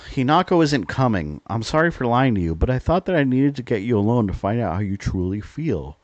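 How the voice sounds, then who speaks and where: A man's voice: medium pitch, sing-song, fairly quick, no echo, muffled recording, pitched above the performer's own voice, lightly acted. An American man reading a wistful teenage schoolgirl's note aloud from a horror game, in his own plain voice raised slightly.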